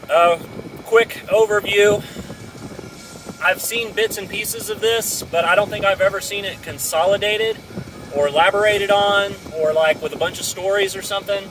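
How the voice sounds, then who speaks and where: A man with a fairly high voice works through an idea out loud, circling and restarting as he goes. He sits some way from the mic, and clear vehicle noise runs under him outdoors. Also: normal speed, far from the mic. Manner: thinks aloud, loose and searching, with frequent restarts. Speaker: speaker sharing a business idea. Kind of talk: casual thinking-aloud monologue.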